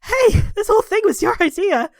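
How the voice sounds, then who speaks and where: A woman's voice: extremely high pitch, very animated, moderate pace, no echo, pitched above the performer's own voice, exaggerated voice. A woman voicing an earnest young male warrior in a tabletop game, speaking breathlessly, in a dry room.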